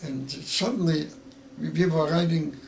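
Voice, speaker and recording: A man in his eighties with Yiddish as his first language, telling a story with halting, repeated words that grow emotional. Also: fairly high pitch, a little hiss or hum. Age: 80s. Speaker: interviewee. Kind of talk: oral history interview.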